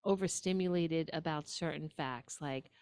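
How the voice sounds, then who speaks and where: A woman with a New York accent hosts a nutrition show in a chatty, casual way, full of ums and asides to her viewers. Her voice sits a little low. The sound is dry and close, with no room around it. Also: normal speed, darkish tone, clean tone, no echo. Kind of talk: casual talk-show advice.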